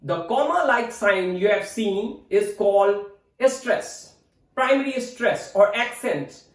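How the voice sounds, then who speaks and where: Slow, high-voiced man with an Indian English accent teaching. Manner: deliberate, spells words out letter by letter. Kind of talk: instructional lesson. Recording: roomy echo, mic at a distance.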